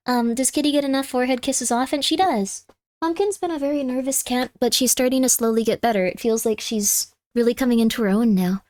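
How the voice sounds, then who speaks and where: A woman with a high, light voice chats with her stream viewers and reads their messages aloud. Now and then she goes soft and cooing with her cat. The sound is dry and close, with no room behind it. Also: fairly quick, dry recording. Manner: chatty, reads chat aloud, coos softly to her cat. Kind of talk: casual live-stream chat. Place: home room.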